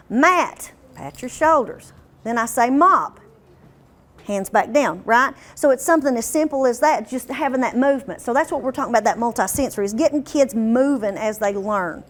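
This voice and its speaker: Woman, workshop trainer with a slightly high voice, hands-on and interactive, drags demo words out slow. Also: lively intonation. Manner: interactive, quizzes the room and stretches demo words out slowly.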